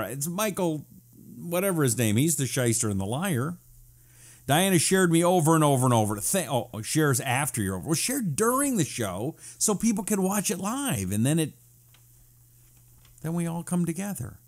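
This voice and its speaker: A man's voice: on the high side, very animated, a little slow, long pauses, a little mellow. A man hosting a casual live-stream talk show, sarcastic and wisecracking, reading out viewer comments.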